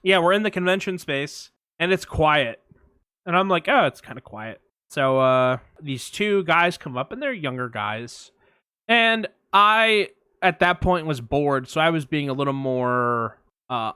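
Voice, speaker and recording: A man with a bright, fairly high voice tells anecdotes on a podcast. He talks in a casual, animated way and acts out the people and sounds in his stories. The recording is close and dry. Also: measured pace, clean tone, dry recording. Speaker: podcast co-host. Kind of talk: casual storytelling chat.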